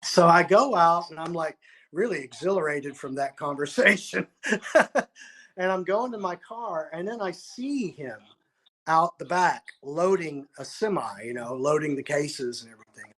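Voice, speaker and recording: A man's voice: a little high, unhurried, a bit bright. A man, a musician, telling a long story in an interview, acting out quotes and often restarting his sentences. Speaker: musician guest.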